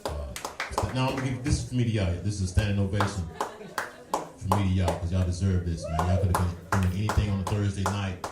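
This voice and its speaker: A man from Nashville doing a stand-up set on a club stage, relaxed and drawling, often saying "man" and "y'all". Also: sits low, fast talker, far from the mic, very noisy. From Nashville, Tennessee. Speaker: headlining stand-up comedian. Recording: echoey club with music behind.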